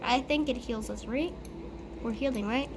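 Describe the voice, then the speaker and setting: A woman's voice: a little high, normal speed, noisy background. A woman giving live gameplay commentary, panicky, pleading and screaming often as she plays. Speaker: gamer.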